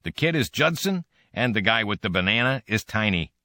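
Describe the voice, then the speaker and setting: A man's voice: on the low side, big pitch swings, a little fast, bright, forceful tone, dry recording, clean studio sound, pitched above the performer's own voice. A man doing a genial ringleader crook. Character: genial male crook, natural master of ceremonies.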